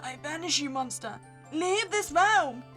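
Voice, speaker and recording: A woman voicing a desperate summoner who shouts commands at a demon. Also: very high-pitched, slow pace, faint music behind, heavily acted. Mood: defiant.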